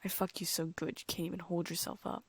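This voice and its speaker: A man's voice: sits high, flat delivery, fast, a bit bright, slightly rough, no room sound, heavily acted. A woman reading as a growling possessive vampire husband.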